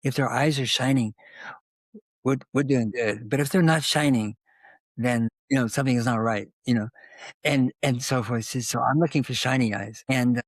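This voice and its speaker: A man's voice: mid-range voice, normal speed, no echo. An older man telling a long, rambling story as a guest in an interview, with many asides. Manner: rambling anecdotal storytelling, animated.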